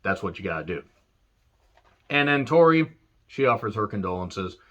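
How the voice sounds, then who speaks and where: A man's voice: fairly low pitch, very animated, moderate pace, a bit bright, muffled recording. A man reviewing an old wrestling show in a casual, rambling rant, earnest and full of fillers.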